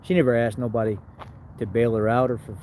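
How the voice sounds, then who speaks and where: Man, mid-pitched voice, emotional storytelling to camera, rambling, faint traffic noise. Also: little pitch movement, fairly quick, a little mellow, poor audio. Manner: rambling, emotional, repeats words. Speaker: vlogger.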